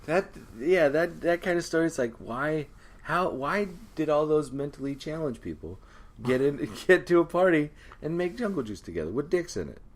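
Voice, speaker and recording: A man's voice: fairly high pitch, expressive, moderate pace. A young man co-hosting a podcast, telling a party story in casual chat, acting out quotes and laughing often. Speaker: podcast co-host.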